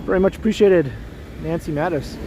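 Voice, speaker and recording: A man hosting a walking livestream outdoors downtown, chatting casually with viewers and laughing often. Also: a little high. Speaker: livestream host. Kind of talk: casual live-stream chat. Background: city traffic.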